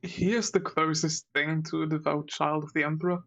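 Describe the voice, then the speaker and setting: A man playing in a tabletop role-playing game, answering in a calm, matter-of-fact way. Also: a little high, brisk, vocal fry. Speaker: player. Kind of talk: tabletop role-play, in and out of character.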